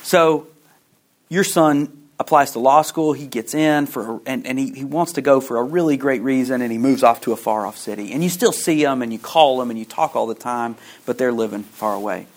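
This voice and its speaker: Male preacher, mid-pitched, dramatic storytelling sermon, hushed drops at key moments. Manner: slow, dramatic storytelling with pauses and repetitions; drops to a hushed low voice at emotional points. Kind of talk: sermon illustration.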